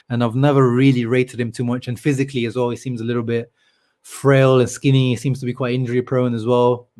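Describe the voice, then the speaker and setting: Casual male live-stream host, mid-pitch, loose and chatty, reads comments aloud. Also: a little mellow. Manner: chatty, many fillers, reads out viewer comments. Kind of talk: casual live-stream chat about football.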